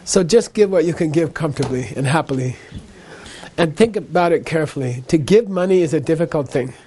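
A man with a high voice teaches a Buddhist class. He talks loosely and conversationally, and he keeps checking in with his listeners. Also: animated, a little fast, mellow. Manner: conversational, frequent "okay?" and "you know".

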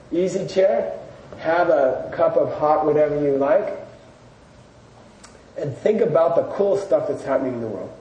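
Male Buddhist teacher, slightly higher voice, mellow, conversational storyteller, distant mic, faint hiss. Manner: storytelling, loose and chatty with fillers. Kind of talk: casual lecture to a live audience. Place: room with a live audience. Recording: echoey room, distant mic, faint noise.

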